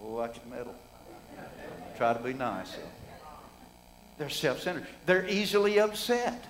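A man's voice: medium pitch, sing-song, a little slow, crowd noise, low-quality recording. A middle-aged man preaching a sermon in a folksy, conversational way, asking the congregation rhetorical questions.

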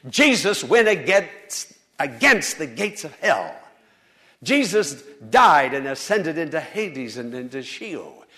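A male pastor preaching a sermon to a congregation, swinging from soft, low lines to loud, high appeals. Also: sing-song, takes it slowly. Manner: preaching with dramatic swings in loudness and pitch. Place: church.

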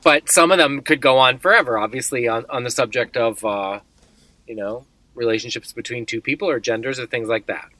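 A man's voice: mid-range voice, brisk, bright, forceful tone, no echo. A man co-hosting a casual podcast chat, joking dryly and laying out the rules of a word game. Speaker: podcast co-host.

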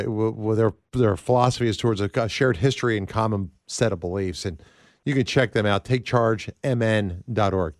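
A man's voice: fairly low pitch, dry recording, clean studio sound. A man hosting a political talk show, rambling and conversational with lots of fillers.

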